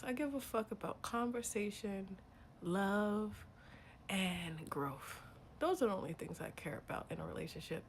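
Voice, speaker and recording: A woman in a casual rant to camera, blunt and profane, dropping to muttered asides and then bursting out loud. She talks like a spiritual reader. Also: medium pitch, slight background noise.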